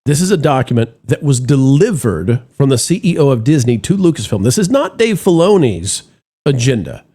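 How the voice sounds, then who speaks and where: A man's voice: medium pitch, very animated, moderate pace, dark tone, breathy edge. A man hosting a commentary chat show, talking theatrically to his co-host and the audience in a mock-solemn, playful way.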